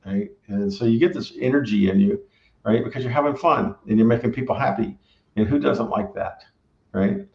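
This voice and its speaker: A man's voice: lowish voice, moderate pace, gravelly. A middle-aged man, a restaurant owner, telling his story in casual, rambling conversation full of tag questions. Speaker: barbecue restaurant owner and former engineer. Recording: roomy, dull recording.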